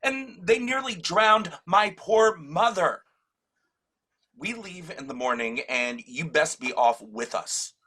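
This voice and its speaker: An actor playing an anxious male disciple in an audio drama, often halting and stammering. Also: on the high side, lively intonation, pushed and bright, husky, exaggerated voice. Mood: indignant.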